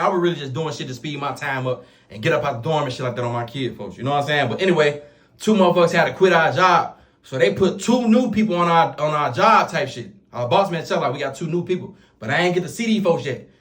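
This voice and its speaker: Fast-talking man with a drawl. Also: fairly high pitch. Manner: slangy, repeats oaths and fillers, animated retelling. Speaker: vlogger telling a prison story. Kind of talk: casual storytelling to camera.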